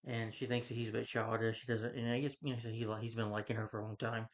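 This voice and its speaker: A man's voice: mid-range voice, little pitch movement, fast talker. A man giving a casual, rambling plot recap as a movie reviewer, with many restarts and "you know" fillers. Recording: dull lo-fi recording.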